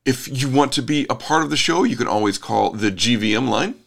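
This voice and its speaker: A man hosting a casual podcast, telling stories in a relaxed, rambling way. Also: medium pitch, a little fast, gravelly. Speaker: podcast host.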